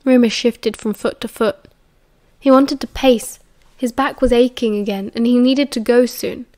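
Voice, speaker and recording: A woman with a British accent reading an audiobook in a calm, measured way. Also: fairly high pitch. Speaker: audiobook narrator. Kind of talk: audiobook narration.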